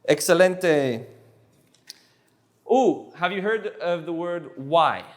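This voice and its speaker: A man with a high voice teaches a live class, joking and hamming things up. He drills words again and again and stumbles on restarts as he goes. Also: sing-song, slow pace, long pauses. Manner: playful, jokey, repeats words for drill. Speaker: Spanish teacher.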